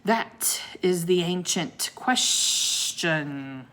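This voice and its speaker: A woman voicing an ancient giant sea serpent, speaking very slowly in a solemn, booming way. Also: animated, fairly bright tone, heavily acted. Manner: very slow, drawn-out, booming delivery.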